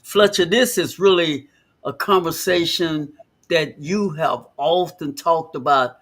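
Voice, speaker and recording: A man's voice: fairly high pitch, a bit bright. A man co-hosting a live discussion show, stressing his words with emphasis. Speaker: co-host of a live talk show.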